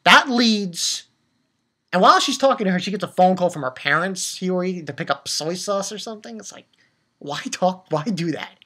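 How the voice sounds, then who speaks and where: This anime reviewer recaps an episode casually, rambling with lots of restarts and fillers and growing emotional over the story. The voice is medium-pitched, husky, pushed and bright, with lively intonation at a moderate pace.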